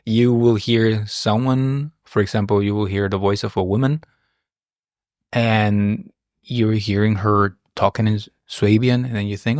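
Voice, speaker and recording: A podcast host talking casually and relaxed, with many fillers and quick backchannels. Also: mid-range voice, no room sound, studio quality. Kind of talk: casual conversational interview.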